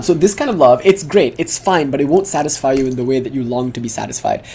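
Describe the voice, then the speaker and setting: A man giving a casual, animated talk, full of asides, fillers and restarts. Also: mid-range voice, quick pace, few pauses, slight background noise. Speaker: speaker giving a devotional talk. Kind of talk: casual lecture.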